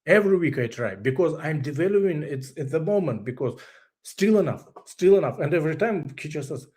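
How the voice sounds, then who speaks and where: Halting Russian-accented man telling his story. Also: fairly high pitch, animated, darkish tone. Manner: halting, searches for English words, laughs often. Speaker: guest. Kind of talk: candid personal story.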